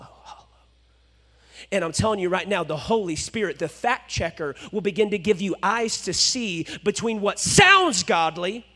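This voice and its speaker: A male pastor preaching a sermon, swinging between loud exhortation and hushed, low asides.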